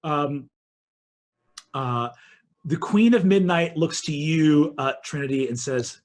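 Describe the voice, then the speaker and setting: A man running a tabletop fantasy game as dungeon master. He narrates slowly and expressively, with a voice a little higher than most men's. He brings scenes to life for the players. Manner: animated storyteller, voices characters.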